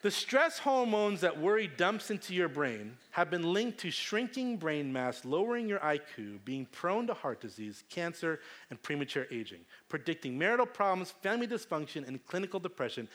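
A middle-aged man preaching a sermon, telling stories with lively acted-out voices. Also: sits high. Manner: animated storytelling with acted-out voices. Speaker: pastor.

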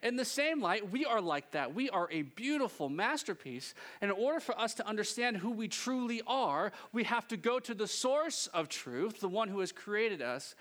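Lively, high-voiced joking pastor man. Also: moderate pace, few pauses. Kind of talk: sermon.

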